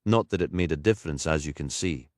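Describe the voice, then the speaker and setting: A man's voice: rumbling low, fast, no echo, clean studio sound. A man voicing a talkative, friendly middle-aged woman vicar in an audiobook. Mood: chatty.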